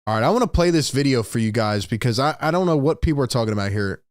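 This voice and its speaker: A man's voice: medium pitch, expressive, fast, no echo, studio quality. A man hosting a live-stream sports commentary, ranting in exasperation to his chat. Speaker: sports talk host.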